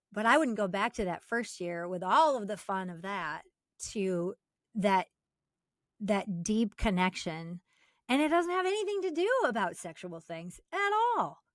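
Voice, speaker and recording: A woman's voice: medium pitch, animated, moderate pace, no echo, clean studio sound. A middle-aged woman hosting a podcast, reflective and affirming in conversation. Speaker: podcast host. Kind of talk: conversational interview.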